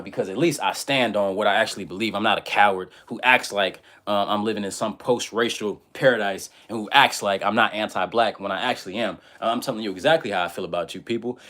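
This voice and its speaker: A man ranting on a live stream, heated and repetitive, swinging from a low mutter to loud outbursts. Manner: many fillers and restarts. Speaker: online commentator.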